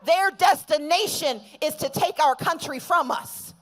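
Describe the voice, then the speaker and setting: High-pitched woman orator at an outdoor rally; rousing, chant-leading delivery. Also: a little slow. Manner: rousing, call-and-response chanting. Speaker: rally speaker. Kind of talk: rally speech.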